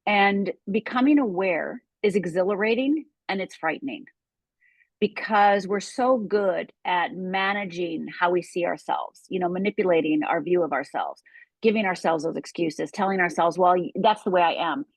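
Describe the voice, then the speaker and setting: A woman's voice: on the low side, normal speed, no echo. A middle-aged woman coach talking candidly in an interview, retelling her own past with vivid, acted-out quotes. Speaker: guest, life coach.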